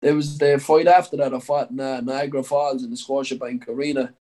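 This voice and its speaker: Young Irish fighter, mid-pitched and loose-tongued, full of "like" fillers and curse words, casual interview storytelling. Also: male voice, steady tone, a little fast, mellow, low-quality recording. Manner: rambling, peppered with "like" and swearing. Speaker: professional boxer.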